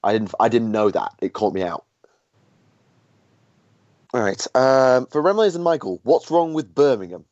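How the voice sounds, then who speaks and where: A man with a Barnsley accent chats casually as a podcast host, his pitch rising and falling freely. The sound is dry and lo-fi, with a dull top end. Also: animated, moderate pace, pauses often, a little mellow, no room sound. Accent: Yorkshire (Barnsley). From England. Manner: conversational, asks questions, hums filler tunes. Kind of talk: casual chat.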